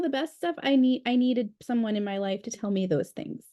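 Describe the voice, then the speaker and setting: A woman's voice: a little high, lively intonation, moderate pace, warm tone. A woman leading a book study group over a video call, talking in a chatty, candid way with frequent fillers. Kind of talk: casual group discussion.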